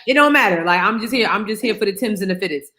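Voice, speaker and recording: Young adult woman, podcast co-host, emphatic and slangy, mid-pitched voice. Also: racing, noisy background. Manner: animated, emphatic storytelling with slang. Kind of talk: casual chat.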